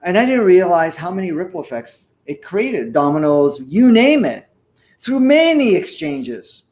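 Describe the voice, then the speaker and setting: An older man in his sixties recounts a personal experience in conversation. His voice sits a little high for a man, and he talks in an earnest, animated way, breaking into the odd chuckle. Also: a little slow. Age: 60s. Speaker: guest. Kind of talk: conversational storytelling.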